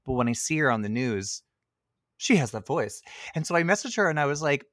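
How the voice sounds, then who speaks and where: A man co-hosting a casual movie review chat, talking in a chatty way with lots of fillers and animated asides. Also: medium pitch, fairly quick, no echo, clean studio sound. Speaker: podcast co-host.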